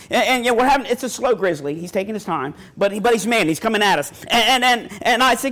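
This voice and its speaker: Middle-aged man, pastor, high voice, folksy sermon delivery with scripture quotes. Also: fast, few pauses, fairly bright tone. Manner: folksy storytelling preacher, quotes scripture, stammers on restarts.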